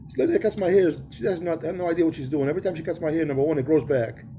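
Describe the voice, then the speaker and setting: Middle-aged co-host, very dark husky voice, rambling joker, dull lo-fi call audio. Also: male voice, a little high, rapid-fire, a little hiss or hum. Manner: joking, rambling storyteller. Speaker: podcast co-host. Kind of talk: casual chat over a video call.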